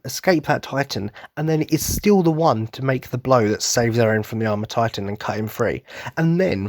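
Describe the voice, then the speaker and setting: A man's voice: mid-range voice, no room sound, studio quality. A man hosting a podcast, chatting with rambling enthusiasm and casual swearing. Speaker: podcast host.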